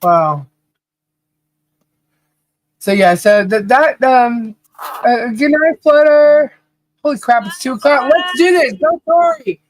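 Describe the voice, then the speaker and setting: On a podcast livestream, a woman co-host chats casually, laughing often while telling stories and calling out names from the chat. Her voice is on the high side and animated, but she speaks slowly with frequent pauses, and the audio quality is poor.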